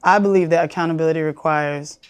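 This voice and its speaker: Low-voiced, thoughtful woman. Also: steady tone, clear, resonant tone. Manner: thoughtful, measured. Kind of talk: reflective panel conversation.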